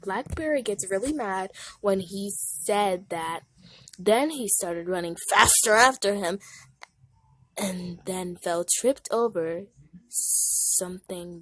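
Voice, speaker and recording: A young woman casually reading out a fan story, with giggly, lively asides. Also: medium pitch, no echo.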